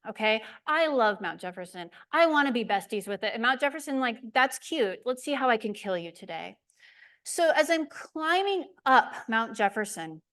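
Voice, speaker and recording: A woman giving a community presentation, telling a lively, self-deprecating hiking story. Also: fairly high pitch. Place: lecture room.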